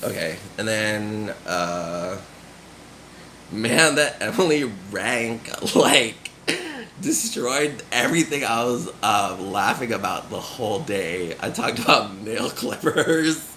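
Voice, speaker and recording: A man's voice: on the low side, lively intonation, slow, bright, forceful tone, slight background noise. A young man from Nevada in a casual, rambling monologue, full of fillers and frequent laughs. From grew up in Nevada. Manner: rambling, filler-heavy, giggly, laughs often.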